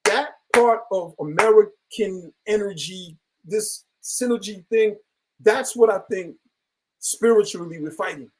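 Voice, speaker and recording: A man's voice: high-pitched, unhurried, poor audio. A man in casual discussion, talking in an earnest, reflective and rambling way.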